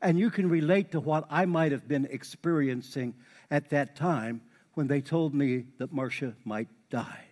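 A middle-aged male pastor preaching a sermon, his voice a touch higher than most men's. He talks in a folksy, conversational way, repeats key words for emphasis and rises into lively exhortation. A long reverb trails each phrase, as in a big church hall. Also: unhurried. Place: church sanctuary.

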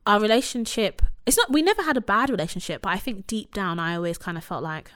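A woman in her thirties speaks in an unhurried, medium-pitched voice. She tells a personal story candidly and animatedly, full of "like" and "you know". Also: animated, a bit bright. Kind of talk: casual conversation.

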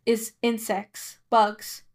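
A woman's voice: fairly high pitch, flat delivery, very slow. Emphatic young woman co-host. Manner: emphatic, insistent, with repeated restarts. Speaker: podcast co-host, daughter. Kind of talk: casual chat.

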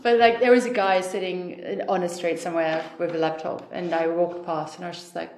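A woman's voice: fairly low pitch, steady tone, fairly quick, a little mellow, echoey room, a little hiss or hum, poor audio. A woman with a German accent, a podcast guest telling dating stories in casual chat, laughing often and poking fun at herself. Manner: laughing, self-deprecating storyteller.

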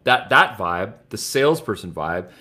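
A man hosting a podcast interview, asking questions in a relaxed, reflective way. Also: on the low side, a little slow. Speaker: host.

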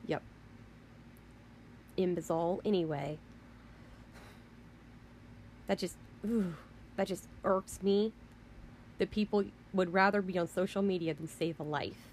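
A woman's voice: lowish voice, measured pace, pauses often, darkish tone, slight background noise. A woman hosting a podcast, ranting in an indignant, heated way with mild swearing and frequent restarts. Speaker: podcast host. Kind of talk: casual rant.

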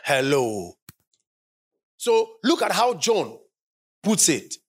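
A preacher delivers a sermon with a lively voice that rises and falls widely, sitting at a middle pitch. The speaker hammers points home by repeating them and asks the congregation to call back. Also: drawn-out words, slightly rough. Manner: emphatic, repeats phrases for stress. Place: church service.

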